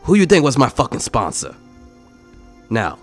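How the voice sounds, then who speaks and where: A man's voice: mid-range voice, wildly swooping pitch, moderate pace, faint music behind, pitched above the performer's own voice. A man voicing a crude, menacing male goblin who rides a warg, swearing and threatening in a swaggering way.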